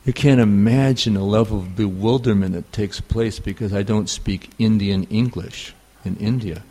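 A man with a New York accent giving a scripture class, halting and full of fillers. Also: fairly low pitch, warm tone. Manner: halting, many fillers and restarts. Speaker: spiritual teacher.

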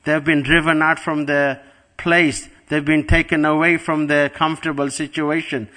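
A man's voice: fairly high pitch, level tone, moderate pace, sharp tone. Earnest middle-aged man teaching a devotional class. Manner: earnest storyteller, repeats words for emphasis. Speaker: spiritual teacher.

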